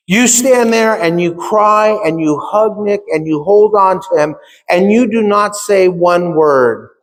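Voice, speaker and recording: Middle-aged male keynote speaker, slightly high voice, lively storyteller working the crowd, recorded in a reverberant hall. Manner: animated storytelling, acts out dialogue, addresses audience directly. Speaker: conference speaker. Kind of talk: motivational keynote talk. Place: large conference hall.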